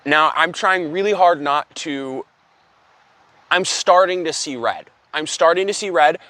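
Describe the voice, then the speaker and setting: A young man telling an absurd story as an exasperated, profane, deadpan comedy rant. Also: fairly high pitch, measured pace, no room sound. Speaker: comedic vlogger.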